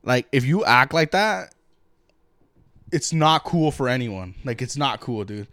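A man's voice: mid-range voice, animated, measured pace, a bit bright, no echo. A young man co-hosting a podcast, ranting bluntly and profanely in casual chat. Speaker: podcast co-host.

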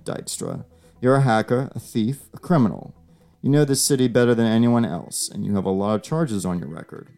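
Smug calm agent guy done by a man, slightly gravelly, soft music underneath. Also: on the low side. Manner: calm, smug, measured persuasion. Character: smug male government agent, calm and professional.

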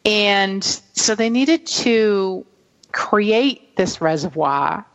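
A woman's voice: mid-range voice, lively intonation. A woman with a New England accent, co-hosting a casual chat and telling a local story in a chatty way. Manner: chatty, laughs easily, slow deliberate storytelling. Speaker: co-host. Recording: dull lo-fi sound.

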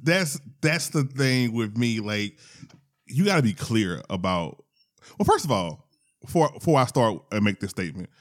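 A man's voice: mid-range voice, sing-song, moderate pace. Easygoing male host; loose, conversational, asks questions and laughs along. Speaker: podcast host. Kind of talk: casual chat.

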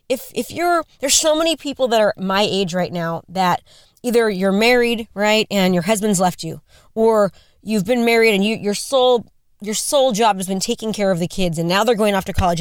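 A woman's voice: medium pitch, moderate pace, smooth, no echo, clean studio sound. A woman in her forties giving a motivational talk, earnest and conversational, repeating questions for emphasis. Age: 40s. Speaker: motivational speaker.

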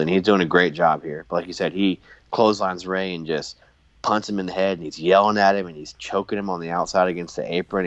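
A man with a very low voice talks through an old wrestling broadcast in a laid-back podcast chat. The sound is dry and a little dull and lo-fi, with no room behind him. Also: no room sound. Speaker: podcast co-host. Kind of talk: casual wrestling commentary chat.

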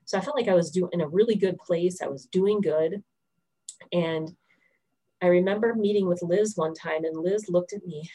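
Woman in her thirties, lowish voice, candid faith testimony with restarts. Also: dark tone, rough recording. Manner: candid, storytelling, many restarts. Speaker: testimony speaker.

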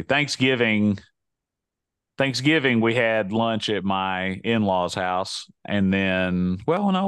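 A man's voice: on the low side, a bit bright, clean tone, no room sound. A man co-hosting a casual talk show, telling long rambling stories full of restarts and asides. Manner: rambling, self-interrupting storyteller. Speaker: podcast co-host. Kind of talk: casual chat.

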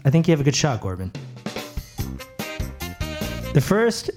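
A man's voice: on the high side, big pitch swings, measured pace, over music. A man hosting a comedy game show, announcing in a rambling, stumbling way.

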